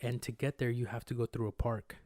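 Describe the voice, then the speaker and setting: A young man tells a story in a loose, slangy way, swearing freely and acting out noises and voices as he goes. His voice sits at an ordinary middle pitch. The sound is dry and close, as if recorded on a podcast microphone. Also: fairly quick, no echo. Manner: animated, slangy and profane, acts out sounds and voices. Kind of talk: casual storytelling chat.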